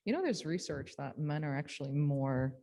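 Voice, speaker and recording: A woman's voice: low-pitched, lively intonation, moderate pace, gravelly, mellow. A woman in a class discussion, offering a thought in a hesitant, thoughtful way. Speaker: class participant.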